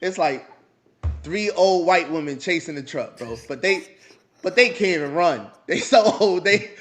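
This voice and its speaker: A man's voice: high voice, lively intonation, a little slow, a bit bright, soft background music. A man co-hosting a podcast, telling a long story in casual chat, laughing often and acting out the other people in it.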